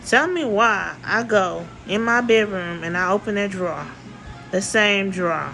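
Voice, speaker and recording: A woman's voice: mid-range voice, lively intonation, a little slow, fairly bright tone, soft background music, rough recording. A woman vlogger telling a story in casual speech, blunt and full of swearing, repeating herself for emphasis.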